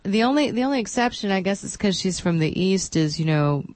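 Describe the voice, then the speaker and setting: A woman's voice: mid-range voice, lively intonation, brisk, a little mellow, no room sound. A woman from the Southern US talking politics on the radio, rambling and mocking, often trailing off. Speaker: radio guest, co-host. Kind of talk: political talk radio banter.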